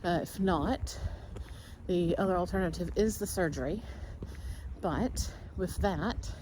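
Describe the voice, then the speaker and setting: A woman's voice: fairly low pitch, unhurried, background noise. Candid rambling woman in her forties. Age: 40s. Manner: rambling and candid, many fillers. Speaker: vlogger. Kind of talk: casual personal vlog.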